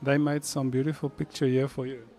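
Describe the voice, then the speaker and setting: A man's voice: mid-range voice, level tone, brisk, darkish tone, soft background music. A man who is a pastor, telling a story animatedly in a casual chat about faith, recorded in a coffee shop.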